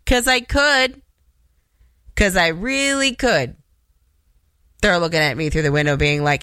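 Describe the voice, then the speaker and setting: A woman's voice: mid-range voice, lively intonation, a little slow, long pauses, pushed and bright, clean tone, no echo. Ranting woman radio DJ. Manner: exasperated, ranting, sarcastic. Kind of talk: on-air radio monologue. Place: radio studio.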